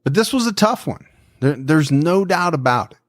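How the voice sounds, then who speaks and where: A man's voice: on the high side, lively intonation, no echo, clean studio sound. A man co-hosting a true-crime podcast, talking through a case in a musing, conversational way. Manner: musing, conversational, quick to laugh. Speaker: podcast co-host.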